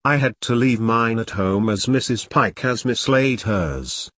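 A man reading the part of a vague, polite, gentlemanly army sergeant. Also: medium pitch, husky. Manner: polite, unhurried, mildly evasive.

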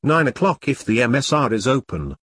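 A man's voice: mid-range voice, sing-song, a little fast, fairly bright tone, husky. A man reading as a blunt army lance corporal. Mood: wry.

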